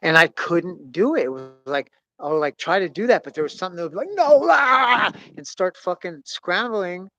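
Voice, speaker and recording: Profane excitable man, dry close sound. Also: fairly high pitch, brisk, hardly any pauses, no echo, muffled recording. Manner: profane, excitable, swings loud and soft. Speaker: podcast host. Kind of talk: casual storytelling chat.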